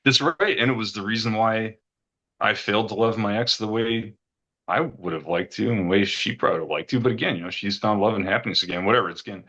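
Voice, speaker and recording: A man's voice: fairly low pitch, fast talker, pushed and bright, slightly rough, highs cut off. A middle-aged man earnestly recounting a personal experience, rambling and repeating words when he gets emotional. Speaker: retreat guest giving a testimonial.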